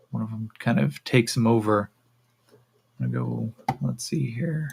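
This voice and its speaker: A man narrating a solo tabletop role-playing game as game master, in a relaxed, rambling way with many fillers. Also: medium pitch, measured pace, creaky, slightly rough.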